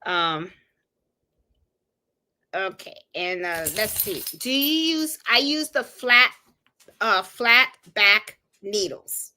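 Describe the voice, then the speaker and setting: A woman's voice: mid-range voice, animated, slow pace, pauses often, sharp tone. A middle-aged woman from Puerto Rico hosting a sewing and embroidery livestream, chatting casually and talking straight to her viewers with plenty of fillers. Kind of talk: casual live-stream chat.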